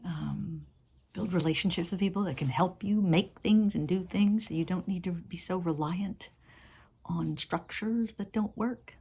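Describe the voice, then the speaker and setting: A woman's voice: lowish voice, slightly rough, full character voice. A woman voicing a folksy Southern man with a Southern US accent who gives humorous wisdom in a motivational monologue, repeating encouraging phrases. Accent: Southern US, Tennessee-like.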